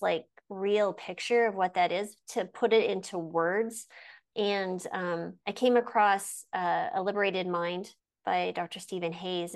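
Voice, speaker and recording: A woman in her forties, a physician hosting an interview, talking earnestly and telling stories in a conversational way. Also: lowish voice. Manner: earnest, storytelling with quoted voices. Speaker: physician and podcast host.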